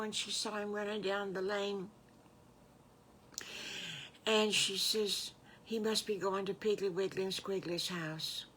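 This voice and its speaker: An older woman with a Southern US accent telling her own made-up story in a homey, folksy, unhurried way. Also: mid-range voice, fairly bright tone, slight background noise. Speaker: storyteller grandmother. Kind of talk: improvised bedtime storytelling.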